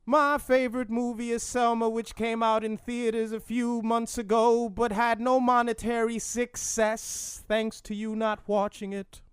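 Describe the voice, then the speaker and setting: Sing-song pompous 1960s preacher played by a man, pitched well up, dry close sound. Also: level tone, measured pace, hardly any pauses, clear, resonant tone, dry recording. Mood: lofty. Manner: lofty, sing-song, mock-formal. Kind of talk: comic impression on a podcast.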